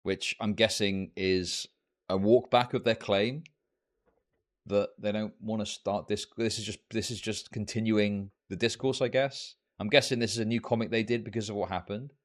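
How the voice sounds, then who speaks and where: A man's voice: on the low side, steady tone, moderate pace. A young man streaming, ranting sarcastically about social media posts and swearing often. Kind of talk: ranting livestream commentary.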